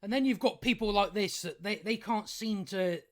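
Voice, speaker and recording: A man delivers a sarcastic, profane rant for his video channel, his voice sitting a touch higher than most men's. He chuckles at his own points and stumbles through restarts as he goes. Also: a bit bright. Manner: halting restarts. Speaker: YouTube commentator. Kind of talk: ranting commentary.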